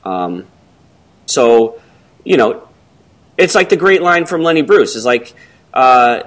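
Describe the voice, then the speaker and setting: A middle-aged man co-hosting a casual talk, rambling and hesitant, with many pauses and ums. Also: a little high, lively intonation. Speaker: podcast co-host. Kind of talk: casual conversation.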